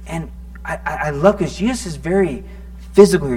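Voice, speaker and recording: A man delivers a sermon in a casual, animated style, his voice sitting a little higher than most men's. He stumbles through restarts and laughs at himself as he works through the passage. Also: fairly quick. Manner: conversational, self-deprecating, animated with stuttering restarts. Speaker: pastor.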